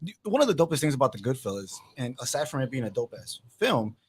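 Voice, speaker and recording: Relaxed slangy guy, lively ups and downs. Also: medium pitch, fast talker, breathy edge. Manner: laid-back, slangy. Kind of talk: casual chat.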